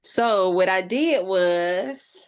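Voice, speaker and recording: This craft video host has a medium-pitched, clean-toned voice and speaks very slowly. In casual vlog chatter, she playfully addresses viewers as "y'all" and teases them with mock drama, all in a colloquial manner.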